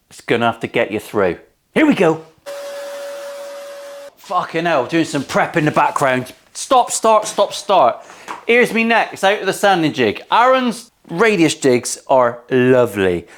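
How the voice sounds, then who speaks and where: Sweary, lively man in a workshop. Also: medium pitch. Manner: cheeky, sweary banter with viewers. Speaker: luthier and channel host. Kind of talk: casual workshop vlog. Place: guitar-making workshop.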